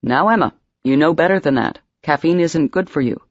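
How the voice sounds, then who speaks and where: A woman doing a gentle soft-spoken male doctor. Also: low voice, animated, brisk, no room sound, dull audio. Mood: tender.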